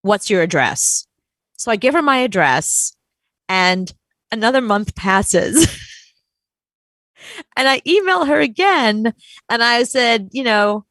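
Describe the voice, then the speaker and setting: A woman co-hosting a chat show, telling a story in an animated, exasperated way and acting out quotes. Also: a little high, unhurried, pauses often, dry recording. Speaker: podcast co-host.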